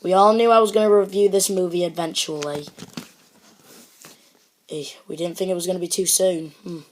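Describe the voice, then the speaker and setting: A woman's voice: on the low side, steady tone, normal speed. Earnest, rambling woman reviewing a movie. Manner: rambling, restarts sentences often; earnest and impassioned. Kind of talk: casual online movie review.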